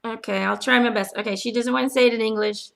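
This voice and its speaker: Gravelly-voiced woman giving a spiritual reading. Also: a little high, steady tone. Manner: gentle, halting, many ums, pauses to listen. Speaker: spiritual medium answering follower questions. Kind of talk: channeling reading, casual spoken.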